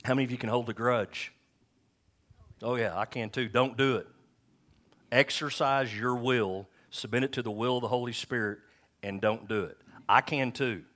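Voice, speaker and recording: A middle-aged man preaching a sermon in a church, talking candidly and with self-deprecating humor, and slowing down to read scripture aloud. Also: mid-range voice, fairly even intonation, fairly bright tone. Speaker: pastor.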